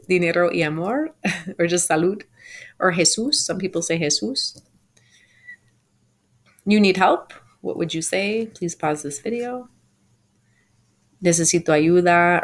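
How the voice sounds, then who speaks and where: A woman teacher giving a recorded lesson from home, explaining patiently and saying example phrases slowly and clearly. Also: on the low side. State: home sick. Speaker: Spanish teacher.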